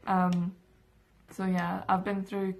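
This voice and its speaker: Young Englishwoman vlogger, chatty storyteller, level delivery with a creaky edge. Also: medium pitch, completely flat delivery, slow pace, darkish tone, a little hiss or hum. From England. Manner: chatty, many "like" and "um" fillers. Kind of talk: casual storytelling to camera. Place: her room indoors.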